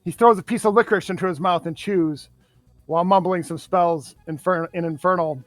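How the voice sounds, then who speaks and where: A man at a tabletop game describes his character's moves, sometimes pausing to find the words. His voice sits notably high for a man, and the sound is dry and close. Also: no room sound, soft background music. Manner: narrates own character's actions, some hesitation. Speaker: player. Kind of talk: casual tabletop game play.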